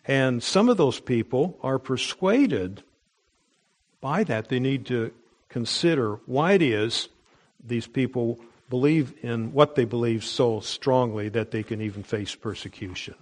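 A middle-aged man teaching a Bible study sermon, deliberate, with frequent pauses and restarts. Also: mid-range voice, expressive.

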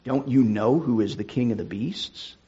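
A man's voice: moderate pace, mellow, husky, dull audio. A man voicing a stern, proud male talking beaver in a storybook read-aloud. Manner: stern, booming storybook reading.

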